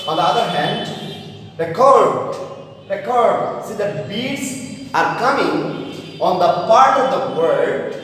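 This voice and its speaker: A man teaching a class on stress and intonation, hesitant, with many fillers and repeated words. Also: high voice. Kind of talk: explaining to young students. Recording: echoey room, voice far from the mic, faint noise.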